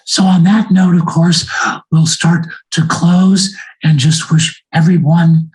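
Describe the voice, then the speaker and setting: A man speaking for a library board in slow, deliberate closing remarks, presenting an award over a video call. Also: a little high, level tone, a little mellow, poor audio.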